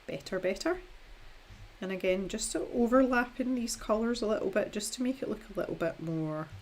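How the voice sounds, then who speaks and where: This Scottish art streamer's medium-pitched voice is animated and fairly quick. A young woman, she paints on a live stream, chatting aimlessly, putting herself down with humor, and laughing frequently.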